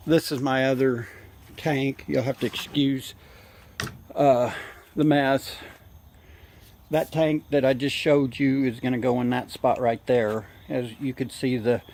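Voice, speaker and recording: A man out of breath, filming a casual walk-around vlog outdoors, halting with many fillers. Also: mid-range voice, a little mellow. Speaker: hobby gardener vlogger. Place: outdoor yard.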